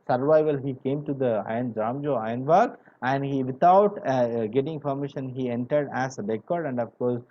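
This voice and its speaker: A man's voice: medium pitch, moderate pace, hardly any pauses, dull audio. A male teacher explaining a story line by line to a class, paraphrasing words and checking that students understand. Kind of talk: classroom literature lesson.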